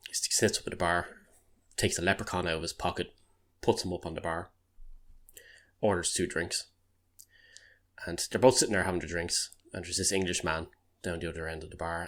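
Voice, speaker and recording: A man's voice: low-pitched, steady tone, brisk, fairly bright tone. A man co-hosting a podcast, telling jokes in a loose, laughing way. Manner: jokey storyteller, breaks into laughter. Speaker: podcast co-host. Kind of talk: casual podcast chat.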